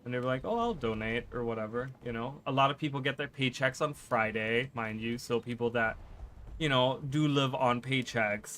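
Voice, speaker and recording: A man streaming live gameplay who chats fast and rambles, often restarting his sentences. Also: medium pitch, a bit bright. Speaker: gaming streamer.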